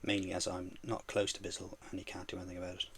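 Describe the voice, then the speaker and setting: A man's voice: low-pitched, monotone, very fast, a bit bright, a little hiss or hum. A man streaming while he paints miniatures, chatting casually and teasing his viewers playfully.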